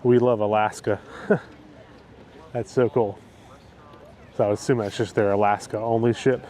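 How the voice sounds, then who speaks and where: A man's voice: lowish voice, fairly even intonation, a little slow, mellow. Upbeat man vlogging his travels outdoors. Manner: enthusiastic and upbeat, with frequent superlatives. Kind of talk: casual travel vlog narration. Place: outdoors in a port town.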